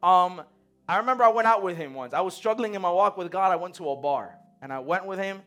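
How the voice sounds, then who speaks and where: A young man preaching in a relaxed, conversational way, full of slang and acted-out quotes. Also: high voice, fast. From United States. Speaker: pastor. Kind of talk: sermon.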